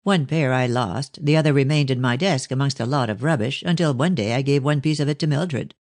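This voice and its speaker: A man reading an audiobook, voicing a stern, cold older gentleman speaking to his daughter. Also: medium pitch, a little fast, no echo, lightly acted.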